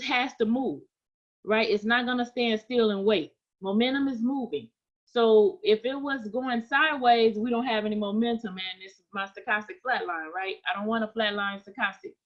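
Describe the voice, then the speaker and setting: A woman's voice: fairly high pitch, normal speed. Repetitive trading coach woman, lo-fi sound. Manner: conversational, repeats points, frequent "right?". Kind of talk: live trading lesson.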